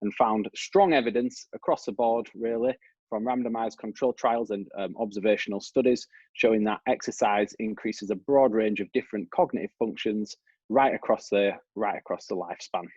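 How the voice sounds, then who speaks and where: A man's voice: lowish voice, moderate pace, a little mellow, slightly rough, no room sound, lo-fi sound. Yorkshire man lecturing over a video call. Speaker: researcher giving a talk. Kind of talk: online academic presentation.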